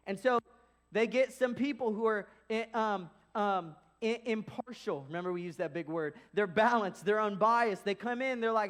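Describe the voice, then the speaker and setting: A young male pastor with a very high-pitched voice preaching a sermon. He keeps it casual and animated, slipping into little acted-out voices for the people in his story. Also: moderate pace.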